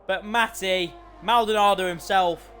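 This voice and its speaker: Bright, excitable man calling a sim race. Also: high-pitched, measured pace, soft background music. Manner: excitable, voice climbs during overtakes. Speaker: lead commentator for an online sim racing league. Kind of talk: live race commentary.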